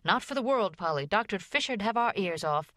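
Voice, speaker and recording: A woman voicing a hardworking, caring mother in a storybook reading, with a brisk, firm manner. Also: medium pitch, lively intonation, fairly bright tone, dry recording, clean studio sound, close to an everyday voice.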